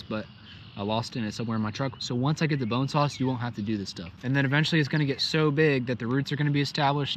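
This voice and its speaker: A man's voice: mid-range voice, a little hiss or hum. A man casually vlogging outdoors, chatty and joking as he explains planting trees. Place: outdoors in fields.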